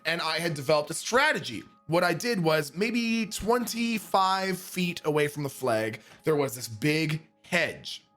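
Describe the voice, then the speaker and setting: A man casually telling a story as a streamer, animated and profane, sometimes bursting into shouts. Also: a little high, a little slow, few pauses, faint music behind.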